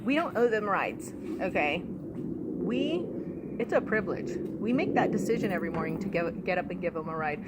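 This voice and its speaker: A woman's voice: on the low side, expressive, normal speed, very noisy. A woman hosting a casual chat about parenting, telling stories bluntly, with frequent laughter and salty language. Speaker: host, mother.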